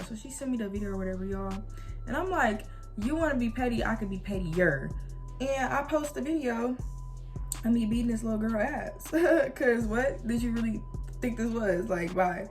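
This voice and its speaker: An animated young woman tells a story in a loose, slangy way, jumping up in pitch as she acts out what everyone said. Faint music plays quietly behind her voice. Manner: animated, slangy storytelling with quoted dialogue and laughs. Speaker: vlogger. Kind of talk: casual storytime.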